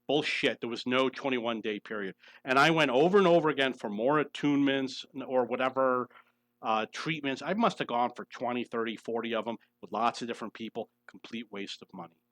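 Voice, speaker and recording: An earnest middle-aged man speaks in a personal monologue, pressing each point and circling back to repeat it. His voice sits at an ordinary middle pitch. The recording is dry and close, with little room sound. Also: brisk, fairly bright tone, no echo. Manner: earnest, insistent, repeats himself for emphasis. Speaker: channel host telling his own story.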